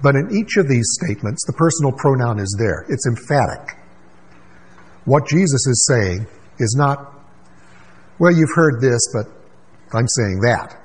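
A man preaching a sermon as pastor, emphatic, with rhetorical questions and quick asides. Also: mid-range voice, sing-song, husky, low-quality recording.

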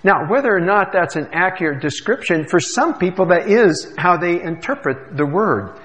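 A man's voice: high voice, animated, moderate pace, a bit bright, big-room sound. A man who is a pastor, giving a sermon in a church with conversational asides and frequent "uh" fillers. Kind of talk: sermon with scripture reading. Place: church sanctuary.

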